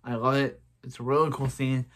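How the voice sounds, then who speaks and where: A man's voice: mid-range voice, little pitch movement, brisk, a bit bright. A man giving a casual, rambling recap of a TV episode, repeating himself and restarting his sentences. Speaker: episode reviewer.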